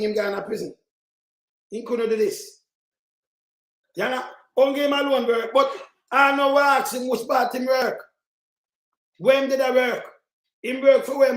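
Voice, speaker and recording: A man's voice: very high voice, reverberant. A Jamaican man giving heated, mocking commentary in patois as he reacts to played clips. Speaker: political commentator.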